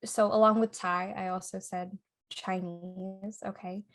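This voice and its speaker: A woman's voice: medium pitch, flat delivery, measured pace. A young adult woman co-hosting a podcast in casual chat, laughing often and tagging her points with "right?" and "okay?". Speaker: podcast co-host.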